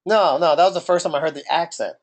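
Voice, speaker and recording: A man's voice: on the high side, fast. A man with a New Jersey accent co-hosting a casual podcast, talking in a rambling, questioning way. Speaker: podcast co-host.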